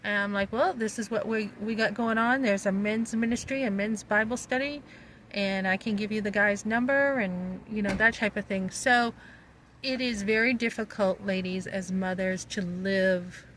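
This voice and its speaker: A woman's voice: medium pitch, steady tone, moderate pace, a bit bright, a little hiss or hum, low-quality recording. A middle-aged woman talking bluntly and emphatically in a casual vlog, recorded outdoors on a phone. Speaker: vlogger. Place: outdoors on a street.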